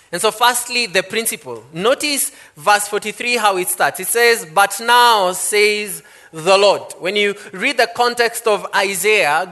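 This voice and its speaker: A man preaching a sermon, reading scripture and then laying out his points with slow, emphatic stress. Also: high voice, bright, forceful tone. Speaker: pastor.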